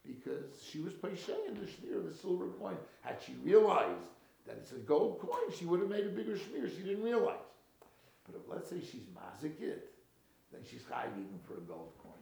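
A man's voice: high-pitched, very animated, moderate pace, gravelly, a little mellow. A man giving a Torah talk, telling a story with lots of Hebrew and Yiddish words and acting out the characters. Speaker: rabbi teaching a Torah talk. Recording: roomy echo, faint hiss.

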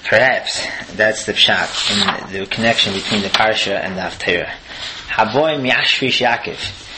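A man's voice: lowish voice, a little slow, heavy background noise. Earnest man giving a Torah lesson. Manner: earnest, explanatory, rhetorical questions. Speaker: Torah teacher.

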